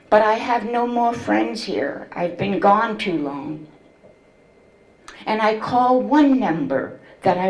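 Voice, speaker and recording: Slow, deliberate older woman storyteller. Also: mid-range voice, roomy sound, poor audio. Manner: slow, deliberate, emotional storytelling with quoted voices. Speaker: memoir author telling her story. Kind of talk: first-person storytelling to an audience.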